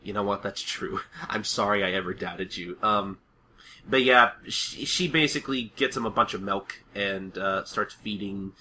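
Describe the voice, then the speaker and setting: A man's voice: lowish voice, moderate pace, pushed and bright, slight background noise. A man co-hosting a casual podcast, recapping a cartoon episode in a loose, rambling way with plenty of swearing and laughter. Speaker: podcast co-host.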